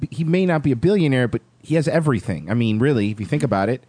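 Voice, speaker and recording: Man co-host, mid pitch, crude joker, dry close mic. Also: expressive, fast talker, warm tone, breathy edge, dry recording. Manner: crude, joking, rambling. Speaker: podcast co-host. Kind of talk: casual comedic chat, reading news.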